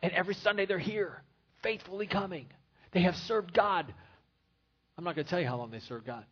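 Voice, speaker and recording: A man's voice: high-pitched, fairly quick, husky, dull audio. A man pastor preaching a sermon in an earnest, repetitive style. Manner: earnest preaching with repeated phrases.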